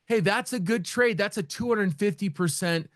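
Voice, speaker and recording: Chatty man with a fairly high voice. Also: normal speed, fairly bright tone, dry recording, studio quality. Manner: rambling and chatty, with many restarts and laughs. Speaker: trading educator. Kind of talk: live trading room session.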